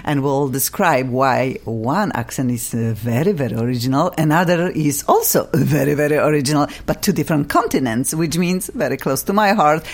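Gushing low-voiced woman talk show host. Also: moderate pace, few pauses. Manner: gushing, excitable, flowery compliments. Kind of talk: effusive interview chat. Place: studio.

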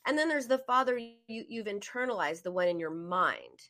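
A woman hosting a talk as a therapist, explaining ideas in a lively, storytelling way to a caller. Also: medium pitch, normal speed. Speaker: host and therapist. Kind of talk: conversational coaching talk.

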